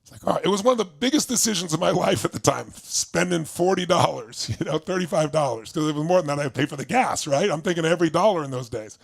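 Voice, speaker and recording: A man's voice: on the high side, animated, quick pace, creaky. A man giving a motivational talk, telling a personal story with enthusiasm and acting out the other people in it. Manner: enthusiastic, acts out voices in anecdotes. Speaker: motivational speaker.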